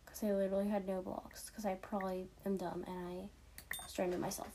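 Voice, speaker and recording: A woman's voice: mid-range voice, level tone, brisk, dark tone, slight background noise. A teenage girl giving casual, chatty gameplay commentary, giggling and poking fun at herself as she plays. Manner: chatty, giggly, self-mocking. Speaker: gaming streamer.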